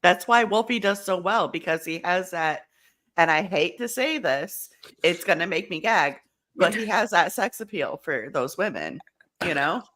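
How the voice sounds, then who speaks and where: A woman guest on a casual video call, lively and joking as she talks. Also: fairly low pitch, normal speed.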